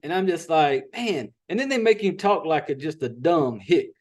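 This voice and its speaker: High-voiced Southern man recapping a movie. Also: expressive, normal speed, a little mellow. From Southern United States. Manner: profane, rambling storyteller. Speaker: podcast host.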